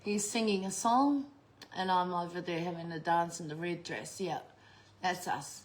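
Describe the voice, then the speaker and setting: A woman's voice: fairly low pitch, normal speed, a little hiss or hum. A middle-aged woman chatting casually as a vlogger, swearing freely and laughing often. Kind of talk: casual unboxing chat.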